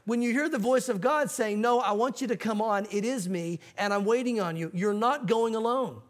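A man's voice: sits high, moderate pace. A male pastor preaching a sermon, telling a story with acted-out quotes and teaching from a Bible verse.

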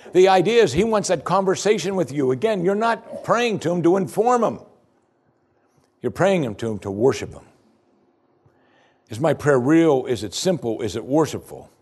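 A male pastor preaching with lively, swinging pitch. He fires off questions one after another, then drops to a low, quiet voice to drive a point home. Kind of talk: sermon.

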